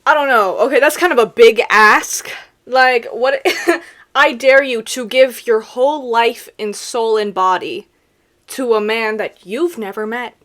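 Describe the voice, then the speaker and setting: A young woman giving sarcastic, animated comedic commentary on videos, with laughing asides. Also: a little high, a little slow. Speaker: reaction video creator.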